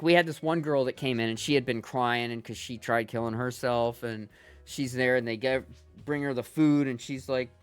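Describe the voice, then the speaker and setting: A middle-aged man chatting casually with viewers on a gaming livestream, telling rambling, profane stories with many restarts. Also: mid-range voice.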